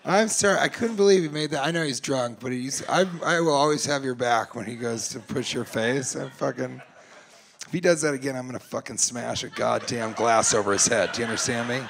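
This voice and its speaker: A man's voice: mid-range voice, a little fast, gravelly, a bit bright, a little hiss or hum. A man doing crowd work in stand-up comedy at a club, brash and profane, teasing people in the audience and slipping into mocking voices of them. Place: comedy club stage before a live audience.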